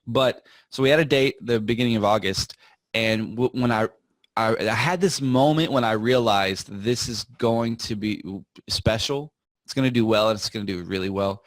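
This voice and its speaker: Low-voiced man telling a story in an interview. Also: normal speed, no room sound. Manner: relaxed, rambling, frequent fillers and restarts. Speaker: podcast guest, software founder.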